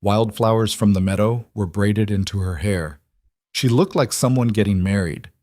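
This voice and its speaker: A man narrating a storybook western in an even storytelling manner. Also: lowish voice, normal speed, dry recording, clean studio sound. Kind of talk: scripted narration.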